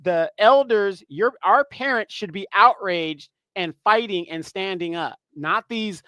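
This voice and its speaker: A man's voice: sits high, measured pace, pushed and bright, smooth, no echo. Emphatic middle-aged man, dry sound. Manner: emphatic, rhetorical, stammers when worked up. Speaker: show host. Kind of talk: casual live discussion.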